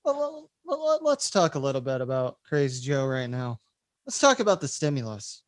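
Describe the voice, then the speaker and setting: A man's voice: medium pitch, sing-song, a little fast, dry recording, clean studio sound. A man co-hosting a casual podcast, tossing out crude, wisecracking asides. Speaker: podcast co-host.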